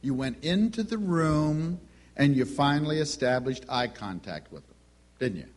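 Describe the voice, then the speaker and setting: A middle-aged man preaching a sermon, telling stories with lively delivery and acting out the voices of the people in them. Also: fairly high pitch, normal speed. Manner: animated storytelling, acts out quoted voices.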